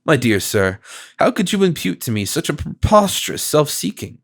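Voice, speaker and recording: A man voicing a solicitous male stranger, a confidence man who talks in a gentle, persuasive and flattering way. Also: fairly high pitch, normal speed, vocal fry, full character voice.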